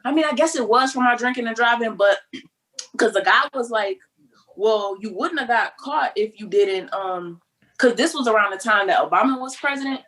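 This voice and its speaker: A woman's voice: a little high, normal speed, fairly bright tone. A woman in her twenties from Detroit, telling a story in a casual podcast chat. She acts out quoted voices and swears freely. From Detroit, United States. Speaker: podcast guest.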